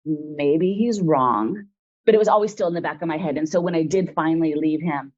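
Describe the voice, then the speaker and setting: A woman's voice: low-pitched, brisk, darkish tone, lo-fi sound. A woman in her forties, an interview guest, telling a personal story in a rambling, frank way full of fillers.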